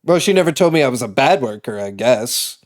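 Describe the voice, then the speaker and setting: A man's voice: mid-range voice, animated, brisk. A young man from Massachusetts streaming live, chatting in a rambling, casual way with frequent swearing and laughter. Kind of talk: casual chat on a livestream.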